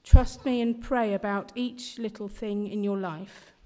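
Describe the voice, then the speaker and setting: A woman voicing Jesus as a calm man who speaks in a slow, steady, reassuring way. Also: medium pitch, lightly acted. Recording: long hall reverb.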